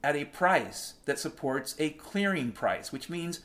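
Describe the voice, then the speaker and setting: A man's voice: on the high side, lively intonation, a bit bright. Blunt, profane man. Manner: blunt, profane, emphatic, slows down to stress points. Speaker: financial commentator. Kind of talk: monologue addressed to viewers.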